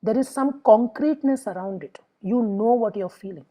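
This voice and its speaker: A middle-aged psychologist with an Indian English accent lectures parents on emotions step by step, using examples and acting out what clients and children say. Her voice is fairly high and dark-toned at a moderate pace, and the recording is rough.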